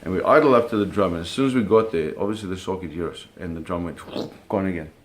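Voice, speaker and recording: Lively man telling a fishing story. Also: fast talker. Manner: animated, with sound effects like "boom" and acted quotes. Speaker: storyteller recounting a fishing trip. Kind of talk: casual spoken storytelling.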